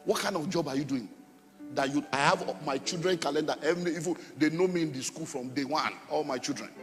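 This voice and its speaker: A middle-aged man preaching a sermon as pastor, emphatic and repetitive with sudden loud outbursts. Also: fairly high pitch, a little fast. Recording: long hall reverb with faint music.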